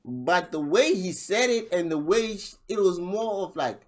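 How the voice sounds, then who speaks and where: Animated man recapping a rap battle. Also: sits high, a little slow. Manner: animated storytelling, acting out quotes in a raised voice. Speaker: podcast host. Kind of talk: casual chat recapping a battle rap event.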